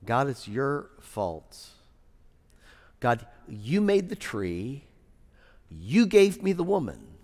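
A man's voice: medium pitch, big pitch swings, slow, long pauses, a little mellow, in a large hall, full character voice. A man voicing a whiny, self-justifying first man Adam who blames everyone, in a pleading voice. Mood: whining, defensive.

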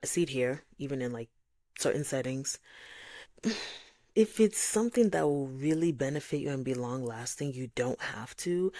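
A woman's voice: rumbling low, moderate pace, dry recording. A woman from Nigeria hosting a faith-based podcast, talking reflectively and acting out voices of others. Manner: animated, acts out voices of God and others. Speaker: podcast host.

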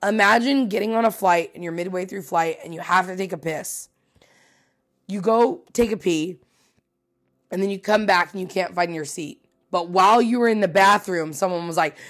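A woman's voice: fairly low pitch, normal speed. Chatty, foul-mouthed woman podcast host. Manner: chatty, swearing, self-mocking and animated. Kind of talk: casual solo podcast monologue.

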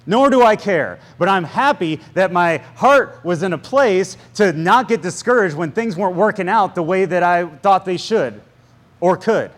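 A man in his thirties preaching a casual sermon, telling stories and acting out quotes with a shifting voice. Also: high-pitched. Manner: storytelling, animated, acts out quotes with shifting voice.

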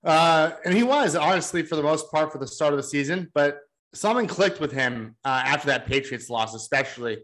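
A man's voice: fairly high pitch, lively intonation, a little fast, a bit bright. A man co-hosting a casual sports podcast, building his case by reading off game statistics. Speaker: podcast co-host.

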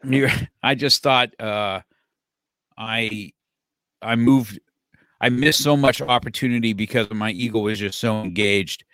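Here the instructor, a man in his fifties, talks a little slowly with long pauses, his fairly low voice carrying a fairly bright tone. His casual storytelling rambles, with restarts, repeated words and frequent chuckles. The studio-quality sound has no echo.

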